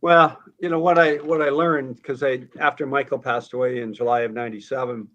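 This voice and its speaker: A middle-aged man is a guest in a podcast interview. He talks in a plain, earnest way and pauses now and then to reflect. His voice sits at an ordinary pitch for a man. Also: steady tone, fairly bright tone, muffled recording. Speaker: guest, financial advisor. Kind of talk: conversational interview.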